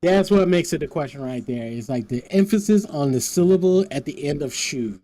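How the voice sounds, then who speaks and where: A man's voice: on the high side, expressive, brisk, warm tone. A young adult man chatting casually with his stream audience, rambling and often repeating words.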